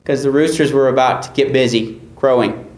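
A man's voice: mid-range voice, fairly even intonation, fairly quick, a little mellow, reverberant. A man preaching an expository sermon, earnest and emphatic, repeating key phrases for weight. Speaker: pastor.

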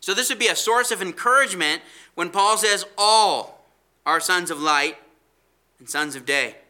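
Bright-voiced man teaching an emphatic sermon. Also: high voice. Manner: emphatic, slows down to stress scripture quotes; asks rhetorical questions. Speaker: Bible teacher. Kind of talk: expository sermon.

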